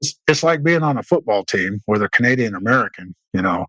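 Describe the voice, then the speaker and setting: A man's voice: expressive, fast, pushed and bright, no room sound, rough recording. A middle-aged man, a military veteran guest, telling war stories in a rambling, anecdotal way and acting out the dialogue. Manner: rambling anecdotal telling with many restarts and fillers; acts out quoted dialogue with raised pitch. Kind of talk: casual storytelling interview.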